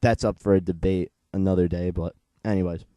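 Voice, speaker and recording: A man's voice: deep voice, steady tone, fairly quick, warm tone, no room sound. A young man in his late teens, chatting casually as he reviews a comic book and retells its plot in a rambling, digressive way.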